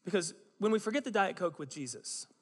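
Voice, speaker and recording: In a church sanctuary with long hall reverb, this male pastor delivers a sermon at a fairly quick clip. His voice sits high with lively intonation, and he tells conversational stories laced with self-mocking humor.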